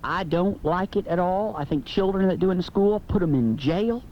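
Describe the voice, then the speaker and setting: A late-night radio host, a man with a fairly high voice who talks in brash, joking and opinionated bursts. He runs the call-in show with a loose, teasing manner. The sound is a dull, lo-fi AM broadcast tape with a faint hiss underneath. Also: moderate pace.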